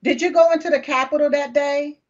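Brash high-voiced woman interviewer. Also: fairly even intonation, brisk. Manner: brash, informal questioning. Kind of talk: casual interview. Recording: dull lo-fi sound.

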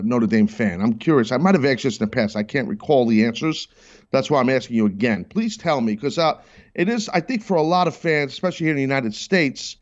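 A man's voice: mid-range voice, muffled recording. A man hosting a sports talk call-in show, bantering with callers and ranting with mock indignation. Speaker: host.

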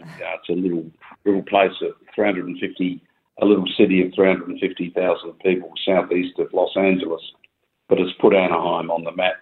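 A middle-aged Australian man phones in to a radio show. His voice is deep and a little husky, and he speaks earnestly with halting restarts. The sound is tinny and phone-like. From South Australia. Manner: earnest, halting, with many fillers. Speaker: caller.

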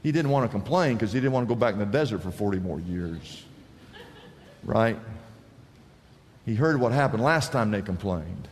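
A man's voice: fairly low pitch, normal speed, pauses often, slight background noise. A male pastor preaching a sermon, telling stories and acting out the people in them. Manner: animated storytelling with acted-out voices. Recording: long reverb of a large hall.

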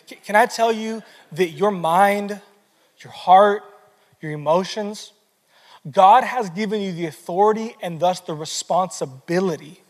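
A man in his thirties preaching a sermon in a casual, energetic way, stumbling over repeated words as he talks. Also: high-pitched, moderate pace. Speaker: pastor. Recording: long hall reverb.

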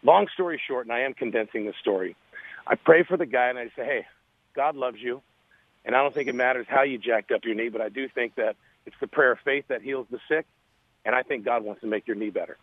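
A man's voice: mid-range voice, fairly quick, dry recording. Earnest man on a phone line. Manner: earnest, animated storyteller, repeats phrases. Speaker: guest. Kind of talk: radio interview, storytelling.

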